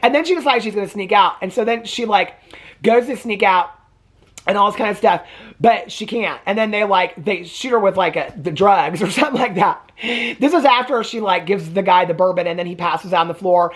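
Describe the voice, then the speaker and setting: Fast-talking woman recapping a movie. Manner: rambling, laughing, profane, acts out characters in high voices. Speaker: movie reviewer.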